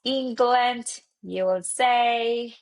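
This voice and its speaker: A woman from Argentina teaching Spanish online speaks with an Argentine accent, repeating words slowly and clearly for her learners. Her voice is a little high.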